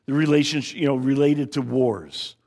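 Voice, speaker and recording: A man's voice: medium pitch, fairly even intonation, normal speed, darkish tone. A man teaching a casual lecture on scripture, talking conversationally, checking in with listeners and often restarting his phrases. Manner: frequent restarts and repeated words. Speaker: Bible teacher.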